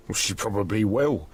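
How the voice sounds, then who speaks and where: A man's voice: lowish voice, breathy edge, exaggerated voice. An actor playing a shy, lovestruck young man who stammers nervously in voiced game dialogue. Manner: stammering, flustered.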